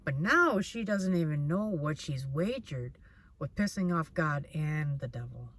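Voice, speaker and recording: A woman's voice: low-pitched, animated, measured pace, a bit bright. A woman doing a casual tarot reading in a blunt manner. She swears freely and repeats herself. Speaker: tarot reader.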